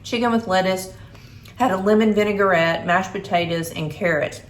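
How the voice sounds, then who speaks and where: A woman's voice: medium pitch, normal speed. A middle-aged woman, chatting casually to camera in her kitchen as a homey vlogger. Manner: chatty, homey, talks while snacking. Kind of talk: casual vlog chat. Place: home kitchen, indoors. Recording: echoey room.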